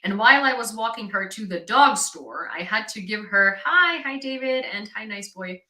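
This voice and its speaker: A woman from Ukraine hosts a casual livestream and tells an everyday story in a loose, chatty way. Her voice is bright and clear, and it sits at a middle pitch. The room around her sounds echoey. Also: expressive, moderate pace. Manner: chatty storytelling, reads out chat comments. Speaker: livestream host.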